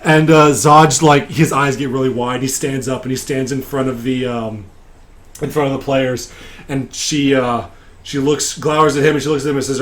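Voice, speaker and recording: A man's voice: mid-range voice, steady tone, moderate pace, a bit bright. A man hosting a podcast, recapping a tabletop game session in casual chat, rambling with many fillers. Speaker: podcast host.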